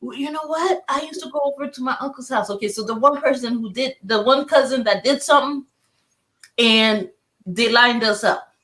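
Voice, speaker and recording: A woman's voice: fairly high pitch, moderate pace, a bit bright. A young woman chatting casually, laughing often and talking with lots of fillers. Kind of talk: casual chat.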